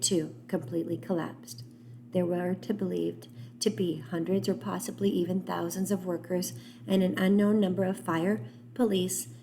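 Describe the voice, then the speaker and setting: A woman reading an audiobook delivers a formal television news report in a measured way. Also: on the low side, vocal fry, mellow, a little hiss or hum.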